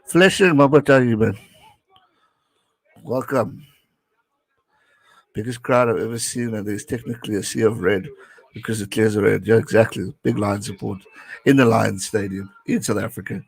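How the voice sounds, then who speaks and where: A man's voice: on the low side, fairly even intonation, normal speed, gravelly, pauses often, breathy edge, rough recording. Chatty man streaming rugby commentary. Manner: chatty, reads out viewer messages. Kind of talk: casual live watch-along commentary.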